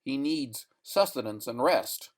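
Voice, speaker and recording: A man voicing a calm, reassuring spaceship rescuer in a story reading. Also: mid-range voice, unhurried.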